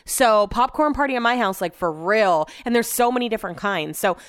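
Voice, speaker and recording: A woman talks straight to her listeners in a loose, rambling storytelling chat, with "like" in every other phrase and the odd curse word. Her voice is smooth and clear. The sound is close and dry, with no room around it. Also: mid-range voice, expressive, a little fast, no echo. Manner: chatty, rambling, heavy use of "like" and swearing. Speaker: podcast host.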